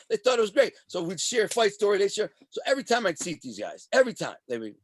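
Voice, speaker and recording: Brief: ex-mob associate, man, animated storyteller who does the voices of people in his stories, tight dry mic. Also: high voice, quick pace, no room sound. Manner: animated, profane street talk. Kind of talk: casual storytelling interview.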